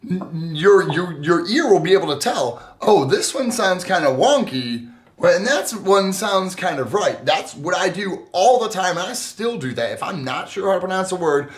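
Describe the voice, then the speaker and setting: Earnest higher-voiced man, echoey room. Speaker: podcast co-host. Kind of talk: casual explanatory chat.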